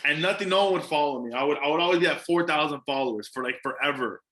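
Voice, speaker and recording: A man's voice: on the high side, quick pace, bright, forceful tone. A man, a stand-up comedian, chatting casually on a podcast, emphatic and profane, repeating words for stress.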